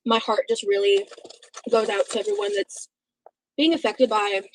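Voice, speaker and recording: A woman chatting casually in a video, sharing snack tips and personal thoughts in a relaxed way. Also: a little high, moderate pace, slight background noise, rough recording. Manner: relaxed, chatty, eats while talking.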